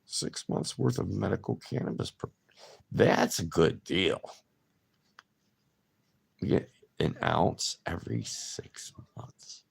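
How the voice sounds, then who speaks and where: A man's voice: sits low, lively intonation, slow pace, gravelly, long pauses, slightly rough. A man hosting a casual livestream, chatting loosely and answering viewer comments by name. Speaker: livestream host.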